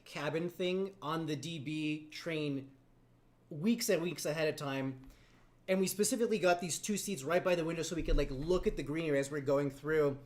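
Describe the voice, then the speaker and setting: A man co-hosting a casual livestream, telling stories in a chatty way, full of fillers and swearing freely. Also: a little high. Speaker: co-host on a livestream. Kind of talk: casual storytelling chat.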